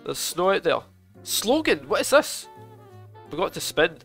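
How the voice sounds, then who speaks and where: A young man streaming a game show video game, chatting with his viewers, excitable and swearing a lot. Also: high voice, measured pace. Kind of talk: casual live gaming commentary. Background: game music.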